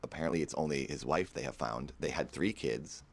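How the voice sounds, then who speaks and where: Very deep-voiced man, somber and earnest. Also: brisk, vocal fry. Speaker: vlogger telling a personal story. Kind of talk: personal storytelling vlog.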